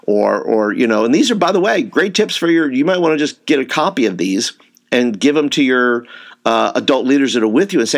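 A man's voice: mid-range voice, lively intonation, fairly quick. A man giving an informal training talk to youth workers, rambling, with frequent fillers and repeated words. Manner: says he tends to raise his voice.

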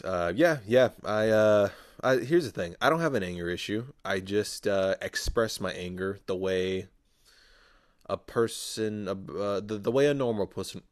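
A man hosting his own podcast alone, ranting casually and swearing freely, quick to flare up. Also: fairly low pitch, no room sound, clean studio sound. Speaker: podcast host.

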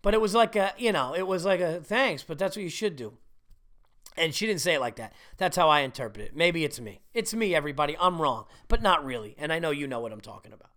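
A man's voice: fairly high pitch, lively intonation, fast, hardly any pauses, fairly bright tone. A middle-aged man hosting a podcast, telling profane, self-mocking stories in a rambling casual monologue. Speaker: podcast host.

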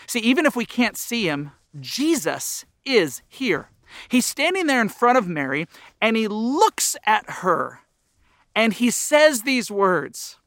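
A man's voice: sits high, big pitch swings, takes it slowly, fairly bright tone, no echo, clean studio sound. A middle-aged man preaching a sermon as pastor, earnest, his voice rising and dropping for emphasis.

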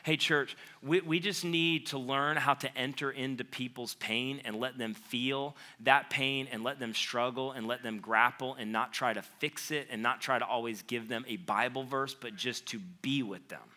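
A man preaching a sermon to his church, speaking in a conversational, impassioned way with quick asides. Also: mid-range voice, fairly even intonation, sharp tone. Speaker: pastor.

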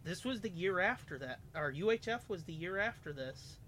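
A man's voice: high-pitched, expressive, moderate pace, a bit bright, slight background noise. A man co-hosting a casual movie commentary, joking around with crude, playful banter. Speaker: podcast co-host.

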